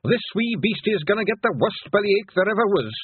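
A man voicing a tiny, fierce male pixie warrior with a Scottish accent, gruff and bellowing, on a thin phone-like recording. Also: high voice, expressive, fairly quick, voice pushed up, exaggerated voice. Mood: gruff bravado.

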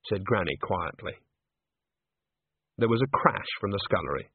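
Expressive male storyteller, husky tone; dry, thin narrow-band recording. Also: fairly low pitch, moderate pace, pauses often, dry recording. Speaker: audiobook narrator. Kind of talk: scripted narration.

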